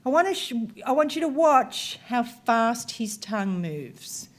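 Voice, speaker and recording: A woman's voice: a little high, sing-song, unhurried. A woman researcher giving a conversational workshop presentation, talking the audience through video examples. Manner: conversational, explanatory, talks through clips.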